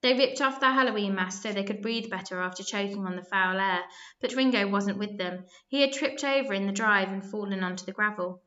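Woman narrator, storybook reading, bright clear voice, expressive, slightly dull lo-fi recording. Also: mid-range voice, a little fast. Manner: lively, expressive, with small slips and restarts.

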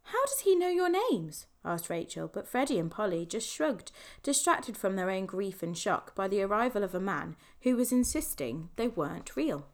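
Woman reading a kids' book aloud, measured, expressive, lots of lilt. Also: medium pitch. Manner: measured and expressive, shifting voices for each character. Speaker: audiobook narrator. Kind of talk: storybook reading.

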